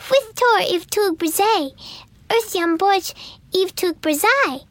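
A woman's voice: extremely high pitch, animated, takes it slowly, fairly bright tone, no echo, pitched above the performer's own voice, full character voice. Woman doing a small gnome toddler. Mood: happy. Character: toddler male gnome child, tearful and squirmy.

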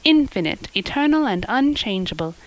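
A woman's voice: a little high, big pitch swings, normal speed, voice pushed up, low-quality recording. Anne, a woman voicing an eager orphan girl. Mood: enthusiastic. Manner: eager, gushing, rising and falling. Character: chatty imaginative orphan girl, dreamy and earnest. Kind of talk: audiobook character voice.

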